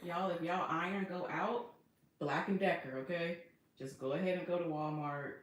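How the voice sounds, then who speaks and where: A woman's voice: on the low side, fairly even intonation, moderate pace. A woman hosting a casual sewing livestream, chatting to herself and reading viewer comments aloud as she works. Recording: echoey room with faint noise.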